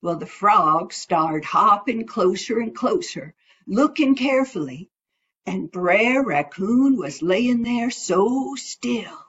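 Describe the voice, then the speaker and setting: A woman telling a folktale in a slow folksy drawl, on a dull lo-fi recording. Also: medium pitch, lively intonation, a bit bright, husky. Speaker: storyteller. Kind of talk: folktale storytelling.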